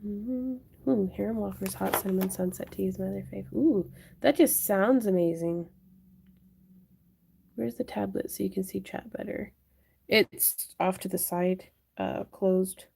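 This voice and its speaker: A woman's voice: mid-range voice, steady tone, normal speed, creaky, darkish tone, breathy edge. A young woman hosting a craft livestream, chatting casually and answering viewers while she works. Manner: chatty, thinks aloud and answers viewer chat.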